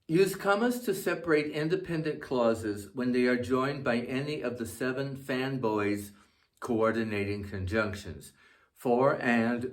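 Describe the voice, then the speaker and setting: A man narrating a scripted English grammar lesson, dictating example sentences slowly and carefully, saying each comma aloud. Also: mid-range voice. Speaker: English teacher.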